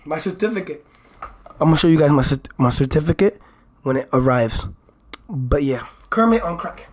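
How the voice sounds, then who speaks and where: A young man livestreaming in casual chat with his viewers, excitable and swearing a lot, swinging from loud outbursts to low mutters. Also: normal speed.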